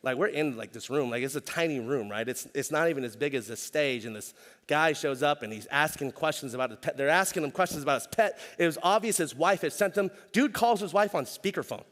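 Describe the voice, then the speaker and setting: A middle-aged man, preaching a conversational sermon as pastor and telling stories in animated slang. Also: on the high side, brisk, big-room sound. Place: church stage.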